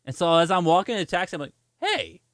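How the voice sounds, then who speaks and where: A male streamer with a slightly high, smooth and resonant voice tells stories in an animated way, laughing often and answering viewers' comments as he goes. The sound is dry and close, with no room echo. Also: rapid-fire. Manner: animated, laughs often while telling a story; reads and answers viewer chat. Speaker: gaming streamer. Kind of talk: casual livestream chat and storytelling.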